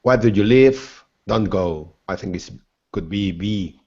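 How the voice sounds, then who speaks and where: Man learning english, talks real slow and low, lots of ums, muffled call. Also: a little mellow, breathy edge. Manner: hesitant, searching for words, laughs nervously. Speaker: student. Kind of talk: answering in an English class.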